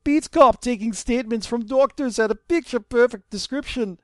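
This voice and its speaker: A man's voice: extremely high pitch, normal speed, fairly bright tone, no echo, studio quality, pitched above the performer's own voice. A man putting on a clumsy fake Russian accent to read a police officer's lines in a game. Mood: mock officious. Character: gruff male Russian cop, mock accent.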